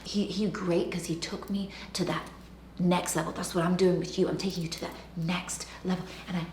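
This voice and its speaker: A woman coaching viewers on public speaking, speaking directly to them and swinging between loud emphasis and hushed whispers. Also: lowish voice, normal speed. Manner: energetic, direct address to the viewer. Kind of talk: motivational teaching monologue. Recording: echoey room with faint background noise.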